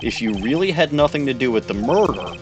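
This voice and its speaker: A man's voice: very animated, fairly quick, highs cut off. Theatrical male streamer voicing a lawyer. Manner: theatrical, lowered courtroom delivery with swearing asides. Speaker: streamer playing a game. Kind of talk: dramatic game dialogue reading. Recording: faint music behind.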